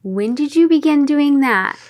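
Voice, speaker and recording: A woman's voice: high voice, animated, unhurried, a little mellow. A woman hosting an interview, admiring and hesitant, with laughter between her questions. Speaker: interview host. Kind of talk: casual interview.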